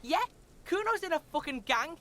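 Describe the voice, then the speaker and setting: A woman's voice: very high-pitched, animated, normal speed. A woman voicing a crude, cocky boy street kid in a video game who taunts and mocks. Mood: taunting.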